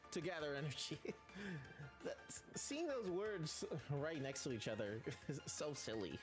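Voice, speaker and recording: An animated man chats and laughs his way through a game stream, his pitch bouncing all over. Game music plays clearly under his voice. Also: unhurried. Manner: animated, chatty, laughs often. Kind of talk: casual gameplay commentary.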